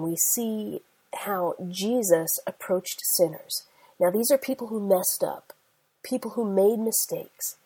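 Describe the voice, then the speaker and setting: Woman preacher, forties, mellow husky tone, emphatic sermon delivery. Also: mid-range voice, rough recording. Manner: emphatic preaching with slow stressed phrases. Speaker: Christian speaker.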